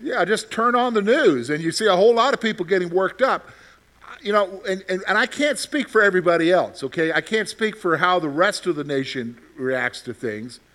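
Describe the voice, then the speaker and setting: This Bible study teacher has a high, expressive male voice, fairly bright in tone and delivered at normal speed. Running an interactive class discussion, he questions the group, repeats phrases, and often checks in with "okay?".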